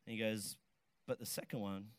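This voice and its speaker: A middle-aged man preaching a lively sermon, animated and joking, often shouting to stress a point. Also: lowish voice, brisk, clean tone, no room sound. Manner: animated, shouts for emphasis, jokes with the crowd. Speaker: pastor.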